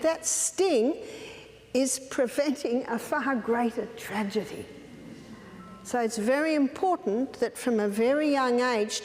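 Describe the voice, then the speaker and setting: A woman's voice: a little high, darkish tone. A woman giving a lecture on raising children, telling personal stories in a direct, firm way. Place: lecture hall. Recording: echoey hall, faint background noise.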